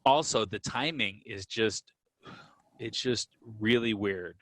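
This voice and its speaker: A man co-hosting a podcast, explaining history in a relaxed, conversational way. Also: lowish voice, takes it slowly, no room sound. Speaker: podcast co-host. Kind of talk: casual conversational storytelling.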